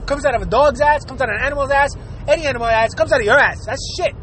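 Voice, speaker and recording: Fast-talking, swearing man from Puerto Rico. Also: very high-pitched, a bit bright, some chatter behind, slight background noise, rough recording. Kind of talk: casual profane monologue.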